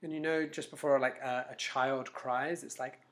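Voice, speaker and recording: A self-help vlogger gives a casual motivational talk to camera, telling animated stories full of restarts and acting out inner voices. His voice is medium in pitch and his pace moderate.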